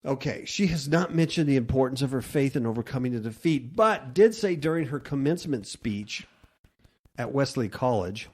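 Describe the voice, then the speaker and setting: A man's voice: mid-range voice, animated, moderate pace, darkish tone, breathy edge. Sarcastic male talk radio host. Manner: sarcastic, reads news aloud and riffs on it. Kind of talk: mocking talk radio commentary.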